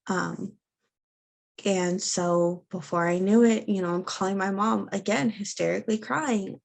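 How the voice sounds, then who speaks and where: Young woman, interview guest, gravelly edge, halting personal storytelling with lots of ums. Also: medium pitch. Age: young adult. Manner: halting, many fillers and restarts. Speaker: interview guest sharing her birth story.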